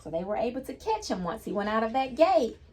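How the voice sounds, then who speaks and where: A woman's voice: on the high side, expressive, quick pace. A woman reading a picture book aloud to children, patiently stopping to explain each new word in simple terms. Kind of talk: children's read-aloud lesson.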